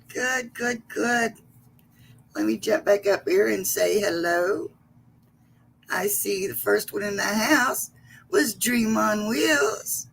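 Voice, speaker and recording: Slow-talking, gravelly-voiced woman host. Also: mid-range voice, a bit bright, a little hiss or hum. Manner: chatty, greets viewers by name with endearments. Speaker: livestream host. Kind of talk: casual livestream chat.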